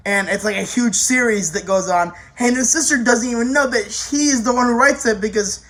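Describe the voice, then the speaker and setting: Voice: medium pitch, normal speed, fairly bright tone. An anime reviewer giving a casual, rambling spoken review, full of restarts and offhand swearing.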